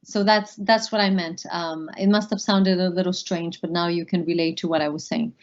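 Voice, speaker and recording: A woman teaching a language class, explaining rules in a relaxed, conversational way with fillers. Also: fairly low pitch, moderate pace. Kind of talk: explaining in a lesson. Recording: dull lo-fi sound.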